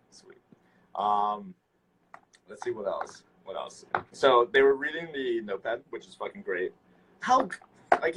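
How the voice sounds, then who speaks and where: Husky young man ranting on a livestream. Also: mid-range voice, low-quality recording. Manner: excitable, swears constantly. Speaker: livestream host. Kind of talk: casual livestream chat. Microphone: phone.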